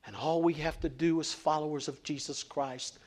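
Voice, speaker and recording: A middle-aged man preaches with fervent emphasis. He sometimes stumbles and restarts. His voice sits high for a man. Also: steady tone, moderate pace, darkish tone. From West Virginia, USA. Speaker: lay preacher. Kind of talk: sermon.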